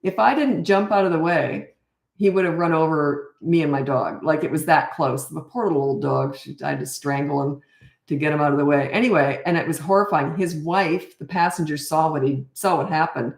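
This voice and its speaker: A woman's voice: deep voice, a little fast, creaky. A middle-aged woman parenting coach talking casually through a live Q&A. She is tired and chatty, and often drifts off on tangents. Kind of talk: live Q&A chat. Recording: roomy echo.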